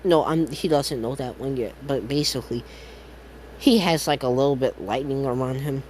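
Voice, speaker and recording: A man's voice: mid-range voice, normal speed, darkish tone, slight background noise. A man making up a fan-fiction story as he goes, rambling with many fillers, restarts and casual swearing. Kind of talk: improvised fan-fiction narration.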